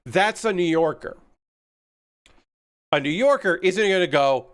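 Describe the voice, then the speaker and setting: A man's voice: sits high, lively intonation, a little slow, pauses often, smooth. A man hosting a live stream, telling rambling stories with plenty of ums and uhs. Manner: rambling, anecdotal, frequent fillers. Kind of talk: casual storytelling on a live stream.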